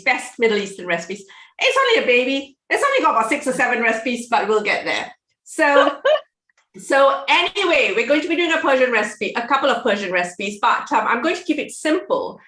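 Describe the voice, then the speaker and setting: Chatty woman cooking host, bright and a bit high, in an echoey kitchen on a video call. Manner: chatty, laughs often, self-correcting. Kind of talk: casual cooking demo chat. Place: home kitchen.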